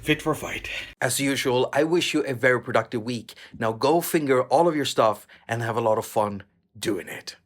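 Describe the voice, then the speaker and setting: A man's voice: medium pitch, normal speed. Joking Swedish man reviewing synth apps. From Sweden. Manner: playful, teasing, crude jokes. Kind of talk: casual jokey video talk to camera.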